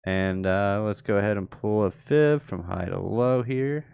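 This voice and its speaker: Low-voiced man reading crypto charts. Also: measured pace, vocal fry, darkish tone, clear, resonant tone, dry recording, studio quality. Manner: casual, talks to chat viewers while reading charts. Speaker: crypto market show host. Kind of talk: live chart analysis stream.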